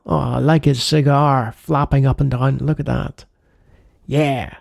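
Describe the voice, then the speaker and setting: A man's voice: medium pitch, flat delivery, moderate pace, gravelly, a little mellow, dry recording. A man hosting a retro game channel, giving playful let's-play commentary with jokey asides.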